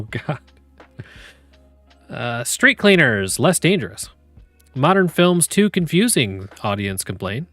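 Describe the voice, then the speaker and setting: A man's voice: a little high, fairly bright tone, no room sound. A man hosting a podcast, joking and laughing often as he reads game prompts aloud to his chat. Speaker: podcast host.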